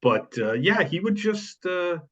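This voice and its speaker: A man tells rambling sports stories in a casual podcast, his voice bright and forceful. The sound is dull and lo-fi. He leans on fillers and side remarks. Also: sits high, big pitch swings, a little slow. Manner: rambling storytelling with many fillers. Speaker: sports writer co-host.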